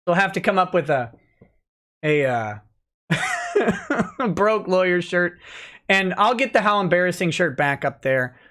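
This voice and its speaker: A man's voice: high voice, animated, moderate pace, pushed and bright. Joking man hosting a livestream. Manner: joking, rambling, reads chat aloud. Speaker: livestream host, lawyer. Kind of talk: casual livestream chat.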